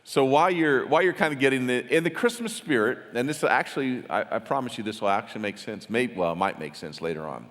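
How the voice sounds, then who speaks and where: A man's voice: mid-range voice, animated, fast talker, hardly any pauses, a bit bright. A man teaching a Bible study in a casual, chatty way, often restarting his words and asking the audience questions. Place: large hall with a gathered audience. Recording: long hall reverb.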